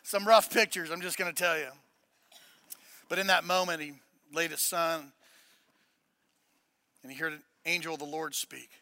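A man preaching a sermon, mixing casual joking asides with loud, emphatic preaching. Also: a little high, steady tone, moderate pace, pauses often, no room sound. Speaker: pastor.

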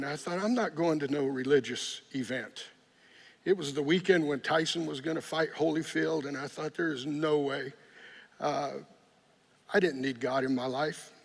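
A middle-aged man from San Jose tells his testimony in an earnest, plainspoken way. His voice sits a little high, with gravel and a husky edge. It rings out in a hall with long reverb. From San Jose, California. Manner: earnest, plainspoken, with frequent restarts. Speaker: guest giving testimony. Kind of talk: personal testimony.

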